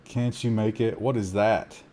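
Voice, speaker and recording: A man streaming a survival game, giving live commentary with excitable gasps between calm asides and talking to his chat. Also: lowish voice, a little slow, slight background noise. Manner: talks to chat.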